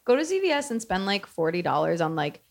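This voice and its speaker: A woman's voice: mid-range voice, very animated, fast, creaky. A woman co-hosting a podcast, rambling and giggling through casual comedic chat. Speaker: podcast co-host.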